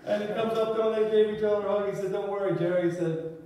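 A man's voice: sits high, fairly even intonation, quick pace, dark tone. Man telling a funny memorial story. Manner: upbeat, laughing anecdote. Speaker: eulogy speaker. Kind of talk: storytelling eulogy. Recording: echoey hall from far off.

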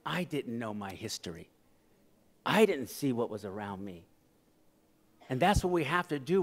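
Middle-aged man telling stories on stage in a reverberant hall. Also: fairly high pitch. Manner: animated, acts out quoted voices for laughs. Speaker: keynote speaker. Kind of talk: humorous storytelling speech. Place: conference hall.

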